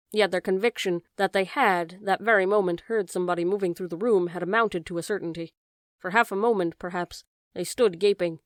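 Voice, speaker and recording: A woman reads a classic novel aloud in a steady, measured narration. Her voice sits at an ordinary middle pitch. The recording is close and dry, with no room echo. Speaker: audiobook narrator. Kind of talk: scripted narration.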